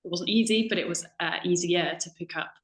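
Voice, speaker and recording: Young woman, lowish voice, chatty webinar guest on a video call, roomy echo. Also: a little fast. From United Kingdom. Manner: chatty, many ums and self-corrections. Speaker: language assistant. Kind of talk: casual webinar chat.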